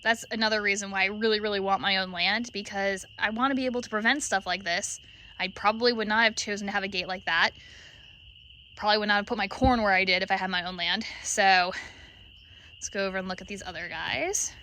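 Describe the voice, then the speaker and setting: A woman's voice: mid-range voice, steady tone, a little fast, sharp tone, a little hiss or hum. A woman vlogging at night in her sheep pen, chatting to the camera and cooing fondly at her animals. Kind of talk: casual vlog narration.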